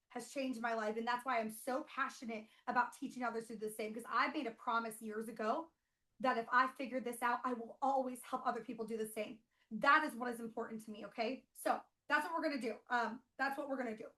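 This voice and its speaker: A woman coaching online business owners in an energetic, emphatic training, repeating rhetorical questions and calling her audience "you guys". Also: on the high side, fast talker, rough recording.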